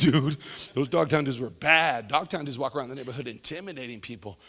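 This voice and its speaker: A man doing a stand-up comedy set, animated and laughing as he acts out voices. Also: medium pitch, fast talker, long reverb tail.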